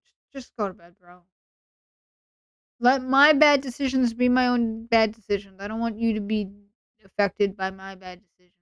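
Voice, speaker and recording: A woman's voice: on the high side, steady tone, normal speed, long pauses, smooth, dry recording. A woman streamer chatting casually late at night, sleepy, rambling and playfully teasing her chat.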